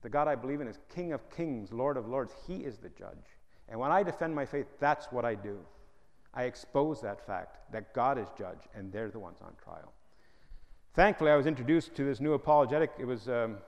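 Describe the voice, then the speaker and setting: A man with a gravelly, fry-edged voice preaches with emphatic humor. Long reverb from the hall trails his words. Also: mid-range voice, expressive, fairly quick, highs cut off. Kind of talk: sermon.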